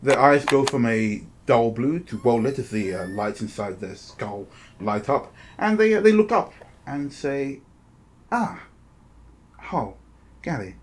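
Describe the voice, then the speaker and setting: A man's voice: medium pitch, lively intonation, measured pace. Man narrating as game master. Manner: descriptive, full of fillers and restarts.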